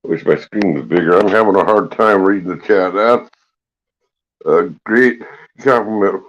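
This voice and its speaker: A man hosting a casual morning livestream, talking with his mouth full and chuckling in a folksy, easygoing way. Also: low-pitched. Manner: slow, easygoing drawl with folksy slang. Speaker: livestream host. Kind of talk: casual live chat. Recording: dull lo-fi stream audio.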